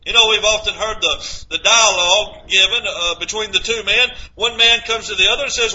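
A man's voice: high voice, steady tone, fast, hardly any pauses, bright, forceful tone. A man preaching a sermon, quoting scripture and asking his listeners rhetorical questions. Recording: dull lo-fi recording.

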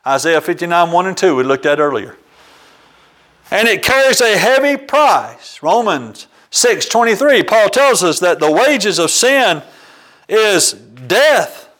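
Male pastor, sermon delivery, earnest, homely examples, expressive high voice. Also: measured pace, rough recording. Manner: earnest, quotes scripture with chapter and verse; uses homely examples, occasional ums. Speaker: preacher.

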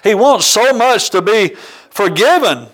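Male pastor, sermon delivery, earnest, homely examples, expressive high voice. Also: unhurried, low-quality recording. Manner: earnest, quotes scripture with chapter and verse; uses homely examples, occasional ums. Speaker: preacher.

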